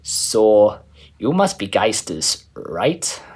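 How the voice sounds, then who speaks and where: A man's voice: on the low side, sing-song, very slow, a little mellow, husky, exaggerated voice. A man voicing a friendly, polite teenage boy with a put-on German accent in a storybook reading. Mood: eager.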